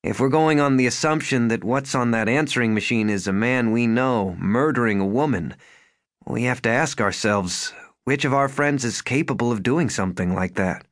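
A man's voice: medium pitch, normal speed, a bit bright, no room sound, studio quality, natural voice. A man voicing a worried young husband who speaks bluntly. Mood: tense.

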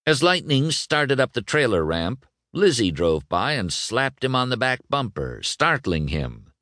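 A man reading a children's novel aloud, expressive and voicing every character. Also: medium pitch, measured pace, no room sound, studio quality. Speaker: audiobook narrator. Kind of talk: scripted storybook narration.

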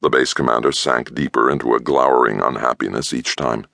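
A man narrating an audiobook in the first person, measured and expressive. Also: a bass voice, creaky, no room sound, clean studio sound.

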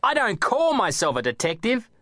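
A man's voice: high-pitched, wildly swooping pitch, moderate pace, bright, forceful tone, no echo, studio quality, voice pushed up, exaggerated voice. A man voicing a proud, self-important male Jack Russell dog who thinks of himself as a detective. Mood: indignant. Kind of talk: audiobook character voice.

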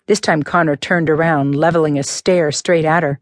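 A woman's voice: low-pitched, fairly even intonation, normal speed, hardly any pauses, no echo, studio quality. A woman narrating a novel as an audiobook reader, voicing the characters as she reads. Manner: reads both characters with shifts in voice. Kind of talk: scripted narration.

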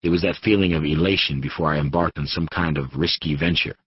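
Man, audiobook narrator, steady first-person storytelling, extremely deep voice, husky, dry studio sound. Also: fast, dry recording, lo-fi sound. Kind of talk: scripted narration.

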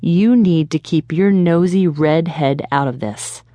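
A woman voicing a menacing, angry middle-aged male politician who speaks slowly and low. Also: dark tone, no echo, lightly acted. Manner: slow, low and threatening.

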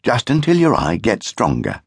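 A man voicing a worried, doting mother rabbit in a children's audiobook, fussing and gently scolding. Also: lowish voice, huge pitch swings, moderate pace, gravelly, breathy edge, no room sound, clean studio sound, pitched above the performer's own voice, full character voice. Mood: fond, fussing. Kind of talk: audiobook character voice.

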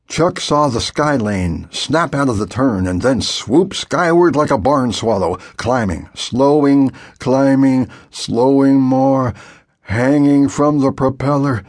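A man narrating a children's adventure audiobook in a vivid, expressive storytelling manner. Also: mid-range voice, slow, no room sound, clean studio sound.

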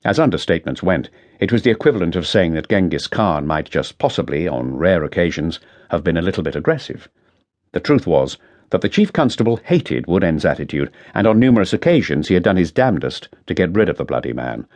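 A man narrating a crime novel audiobook in a dry, measured storytelling manner. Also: low-pitched, very animated, darkish tone. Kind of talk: scripted narration.

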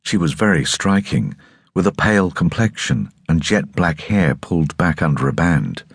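A man narrating an audiobook in a measured, expressive storytelling manner, recorded on a studio microphone. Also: low-pitched, creaky, breathy edge, no echo. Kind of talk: scripted narration.

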